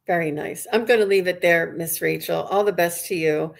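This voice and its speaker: A woman's voice: fairly low pitch, moderate pace, creaky. A woman working as a psychic medium, giving a live reading to viewers in an earnest, rambling way with many restarts.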